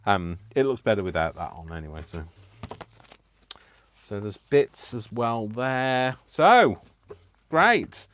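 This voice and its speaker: A man's voice: on the low side, very animated, slow, long pauses, fairly bright tone. A man hosting a live craft stream, chatty and self-mocking, laughing often as he works. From United Kingdom. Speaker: crafting channel host.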